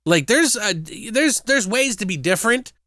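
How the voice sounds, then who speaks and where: A man recapping a movie in casual chat, animated and profane, sometimes mocking characters with put-on voices. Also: sits high, normal speed, no room sound, clean studio sound.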